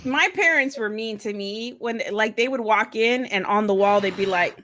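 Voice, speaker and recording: A woman's voice: a little high, normal speed, very noisy. A middle-aged woman and mother co-hosting a casual chat, blunt, swearing freely and laughing often. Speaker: podcast co-host, mother.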